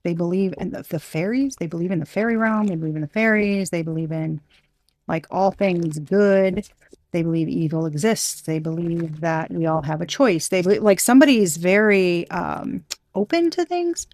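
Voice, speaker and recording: A woman's voice: lowish voice, a little mellow, no echo. A woman giving an intuitive tarot reading, thinking aloud in a rambling, hesitant way with many restarts and a playful streak. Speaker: tarot reader.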